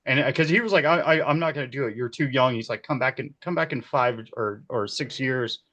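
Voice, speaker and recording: A man in his forties, a key grip, telling set stories in a casual interview, animated and quick to laugh. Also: mid-range voice. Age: 40s. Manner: animated, laughs often, acts out quoted voices. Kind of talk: casual storytelling.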